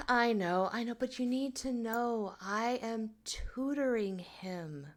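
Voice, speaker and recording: A woman's voice: fairly high pitch, animated, slow, a bit bright. A woman putting on a syrupy scheming neighbor lady. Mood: sugary. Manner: syrupy, overly sweet, hesitant. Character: sugary scheming woman who bribes with brownies. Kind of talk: improvised character play in a tabletop game.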